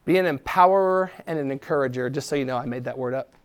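A middle-aged man preaching a sermon, animated, acting out quoted voices and dropping to a soft tone for encouragement. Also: mid-range voice, fast talker, clean tone. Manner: drops to a soft, quiet tone for encouragement. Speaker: pastor.

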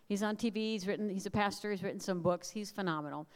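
A middle-aged woman speaking at a family camp, preaching earnestly in measured phrases and sharing personal testimony. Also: mid-range voice. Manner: earnest, prayerful, measured cadence with emphatic repeated lists. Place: large hall. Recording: long hall reverb.

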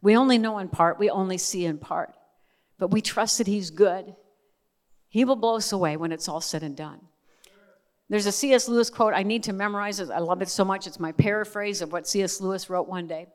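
A woman's voice: mid-range voice, fairly quick. Woman preaching in a reverberant hall. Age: middle-aged. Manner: earnest, emotional storytelling with rising emphasis. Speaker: speaker at a church service. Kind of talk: sermon.

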